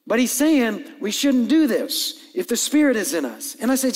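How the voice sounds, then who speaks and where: A man preaching as pastor, animated, acting out dialogue and joking with the congregation. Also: very high-pitched, normal speed, long reverb tail. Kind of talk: sermon. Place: church hall with long reverb.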